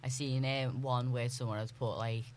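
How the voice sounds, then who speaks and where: A man's voice: medium pitch, flat delivery, a little hiss or hum. A young man, chatting casually and emphatically. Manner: emphatic, quick agreeing remarks. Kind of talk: casual chat.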